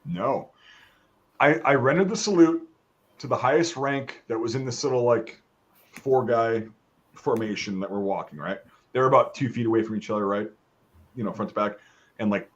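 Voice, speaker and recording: A man telling a story in casual, profane podcast chat, acting out the voices of people he quotes. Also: medium pitch. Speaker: podcast host. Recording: slightly dull lo-fi sound.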